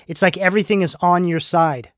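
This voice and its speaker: Male tarot reader, earnest and reassuring spiritual delivery, higher-pitched voice. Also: fairly even intonation, brisk, fairly bright tone, no room sound, studio quality. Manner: earnest, reassuring direct address with spiritual terms. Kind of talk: tarot reading addressed to viewers.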